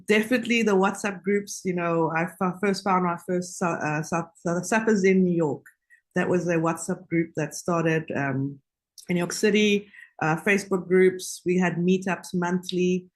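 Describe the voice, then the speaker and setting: A woman telling stories as a radio guest, chatty and quick to laugh, with many fillers. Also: on the low side. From South Africa. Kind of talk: casual radio anecdote.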